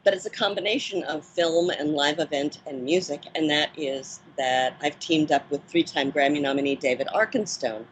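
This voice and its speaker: A woman in her fifties, a former child actress turned film producer, recalling her career in a measured, reflective way with soft fillers. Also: low-pitched, slight background noise, poor audio. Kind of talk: interview reminiscence.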